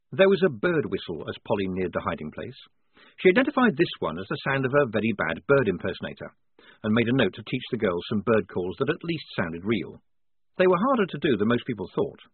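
Male audiobook narrator, wry, lively pitch, dry close sound, narrow lo-fi band. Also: fairly quick, breathy edge, dry recording. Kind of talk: scripted narration.

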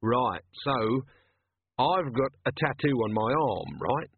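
A man's voice: mid-range voice, lively intonation, takes it slowly, creaky, husky, no echo, exaggerated voice. A man voicing a cheeky, coarse, chatty watchman in an audiobook. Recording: tinny lo-fi dry recording.

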